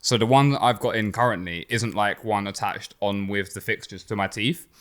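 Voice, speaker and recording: A young man co-hosting a casual podcast, talking with a slight lisp from clear aligners, rambling and swearing now and then. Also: on the low side, fairly even intonation, normal speed. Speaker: podcast co-host. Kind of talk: casual chat.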